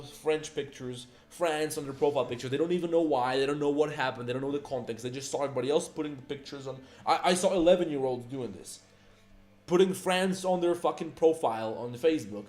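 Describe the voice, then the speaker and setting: A man's voice: fairly high pitch, quick pace, darkish tone. A man in his twenties ranting heatedly on a livestream, profane and firing off rhetorical questions. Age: 20s. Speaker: livestream host.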